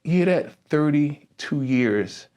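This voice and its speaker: Laughing, animated middle-aged man host. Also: fairly high pitch, takes it slowly. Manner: animated storyteller, laughs often, repeats words. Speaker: podcast host. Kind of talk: casual interview chat.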